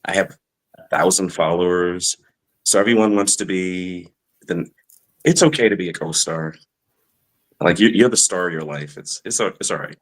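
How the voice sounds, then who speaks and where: A man's voice: sits low, moderate pace, long pauses, rough recording. A man, a guest speaking plainly and rambling a little in casual chat. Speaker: podcast guest.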